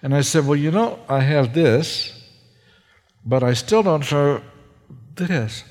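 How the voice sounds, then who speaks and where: A man, a seminary professor, giving a sermon testimony in a slow, halting way with fillers and restarts. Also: on the high side, animated, a little mellow. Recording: long hall reverb.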